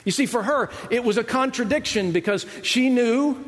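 A man preaches to a live congregation in a relaxed, talky way, often tossing out a quick question to the room. His voice sits high. A long hall reverb trails behind every phrase. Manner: conversational, asks the audience "right?"; acts out quoted voices of Bible figures. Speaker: pastor. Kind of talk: sermon.

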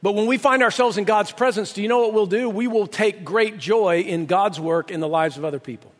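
A man's voice: high-pitched, in a large hall. A man preaching a sermon as pastor, emphatic and reading scripture passages aloud.

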